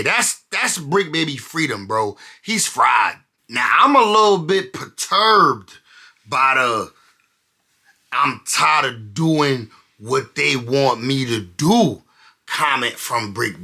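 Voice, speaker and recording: A man giving animated, slang-heavy commentary while reading from court documents. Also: mid-range voice. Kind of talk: casual commentary.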